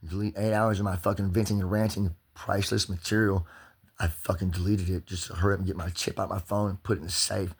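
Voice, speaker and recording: A man's voice: deep voice, level tone, fast talker, slightly rough. A man venting angrily in a rambling, profane monologue to his channel. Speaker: vlogger.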